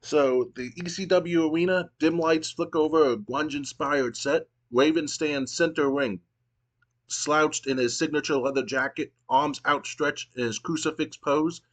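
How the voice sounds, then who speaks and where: A man's voice: on the high side, fairly even intonation, unhurried. A man casually narrating his wrestling management game, storytelling loosely with fillers. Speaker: game streamer.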